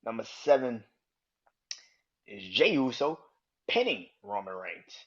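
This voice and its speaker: A man hosting his own podcast, ranting angrily and swearing, jumping from loud outbursts to low mutters. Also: very animated, slow, husky. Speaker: podcast host. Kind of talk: casual solo podcast rant. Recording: dull lo-fi sound.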